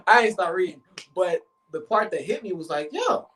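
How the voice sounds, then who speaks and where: A man, a relationship coach, telling a story on a live stream in a casual, animated, profane way. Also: sits high, brisk, poor audio. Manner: animated, profane, acts out voices in his story.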